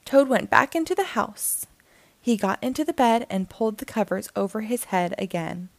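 A woman reading a children's book aloud in a slow, gentle and expressive way as a storytime host. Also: fairly high pitch, gravelly, dry recording. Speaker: storytime reader.

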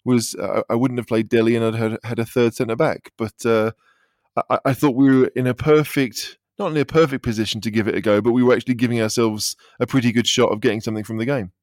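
Guy on a football pod, dry close sound, talks it through slowly, lots of restarts. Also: mid-range voice, fairly even intonation, darkish tone, no room sound. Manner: thoughtful, with frequent restarts. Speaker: podcast panelist. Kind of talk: casual football podcast chat. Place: Vienna.

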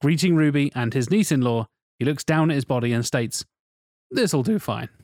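A man co-hosting a casual podcast, narrating plot and tossing in quick quips. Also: mid-range voice, animated, a little mellow, dry recording, studio quality. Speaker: podcast co-host. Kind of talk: casual chat, reading out a film pitch.

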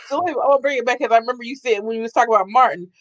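A man hosting a casual chat about TV shows, reacting excitedly and asking questions. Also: very high voice, very fast, no room sound.

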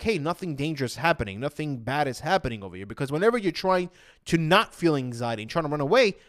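A man talking casually as an anxiety coach, retelling his own past thoughts in a chatty way. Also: a little high. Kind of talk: casual motivational talk.

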